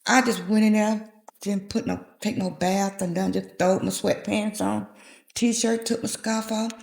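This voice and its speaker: A woman's voice: medium pitch, fairly even intonation, a little slow, vocal fry, darkish tone. A woman in her fifties, a guest telling a personal story and acting out the voices in it. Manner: vivid retelling, acting out quoted dialogue. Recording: echoey room.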